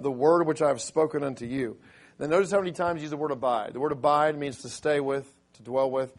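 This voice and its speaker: Raspy-voiced man preaching a sermon. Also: fairly high pitch, fairly quick. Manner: builds to loud, emphatic preaching when quoting scripture. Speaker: pastor.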